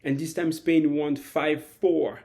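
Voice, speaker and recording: A man with a fairly high voice talks through a football match in a loose, rambling way. He stops and restarts his sentences and drops into little acted-out quotes as he goes. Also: level tone, slow pace, mellow. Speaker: football commentator. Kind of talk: casual spoken analysis.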